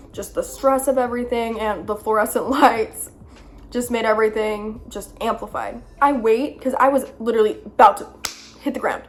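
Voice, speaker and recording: A woman's voice: a little high, a little hiss or hum. A young woman telling a personal story to the camera in a chatty, earnest way, full of fillers. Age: young adult. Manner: chatty, lots of "like", earnest and self-conscious. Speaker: vlogger. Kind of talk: storytime vlog.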